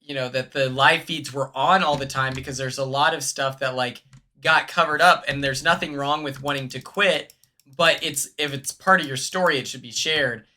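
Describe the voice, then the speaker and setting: A man's voice: mid-range voice, moderate pace, bright, forceful tone. A young man chatting casually on a gaming stream, joking and laughing with his chat. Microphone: earbuds.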